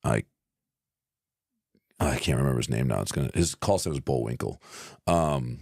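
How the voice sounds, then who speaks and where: A man in his thirties co-hosting a podcast, speaking in halting casual conversation, searching for words and swearing freely. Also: a bass voice, vocal fry, darkish tone, slightly rough, dry recording, clean studio sound. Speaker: podcast co-host.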